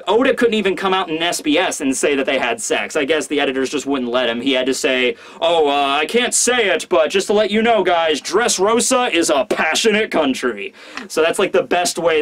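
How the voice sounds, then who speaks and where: High-voiced man rambling through a manga review. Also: fairly bright tone. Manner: rambling, acts out characters in quick voices. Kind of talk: casual commentary.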